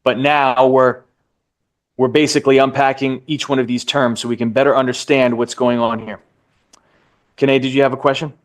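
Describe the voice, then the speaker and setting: A man's voice: medium pitch, flat delivery. Man teaching a real estate class. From United States. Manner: drawn-out emphasis on key terms, asks the class questions. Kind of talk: live class lecture.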